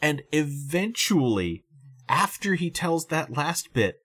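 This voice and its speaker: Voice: mid-range voice, big pitch swings, takes it slowly, a bit bright. A podcast co-host chatting casually about a film and cracking wry, playful jokes. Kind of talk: casual movie recap chat.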